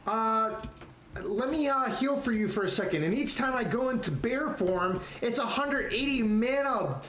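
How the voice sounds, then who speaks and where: A man doing a meek night elf druid, high. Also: lively intonation, unhurried, fairly bright tone, roomy sound, slight background noise, heavily acted. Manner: hesitant, meek. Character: timid young male night elf druid.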